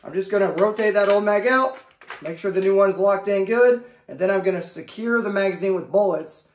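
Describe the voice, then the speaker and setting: A man's voice: high voice, fairly quick, reverberant. A man giving a firearms lesson as an instructor, talking in a drill-like way and checking in with "okay?" after each step. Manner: drill-like, repeats "okay?" and key phrases. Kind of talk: instructional demonstration.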